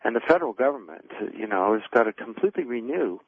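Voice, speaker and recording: A man guest author telling an anecdote in an animated way, acting out the people he quotes. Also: mid-range voice, fast talker, husky, no echo. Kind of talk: anecdotal storytelling. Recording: tinny phone line.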